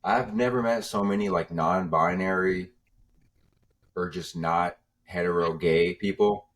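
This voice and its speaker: Deep-voiced young man, laid-back. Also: fairly even intonation, unhurried. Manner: laid-back, rambling storyteller. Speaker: podcast guest, comedian. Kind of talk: casual podcast chat.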